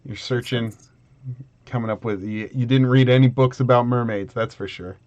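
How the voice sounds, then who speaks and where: A man's voice: mid-range voice, fairly even intonation, moderate pace, darkish tone, lo-fi sound. A man running a tabletop game as game master, talking loosely with many fillers and restarts.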